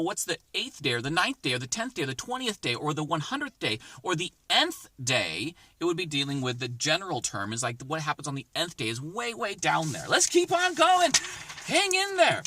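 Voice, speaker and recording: A man's voice: on the high side, bright, forceful tone, no room sound. A man teaching a math lesson to his class from inside a parked car, chatty and encouraging as he works through examples aloud. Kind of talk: casual recorded math lesson.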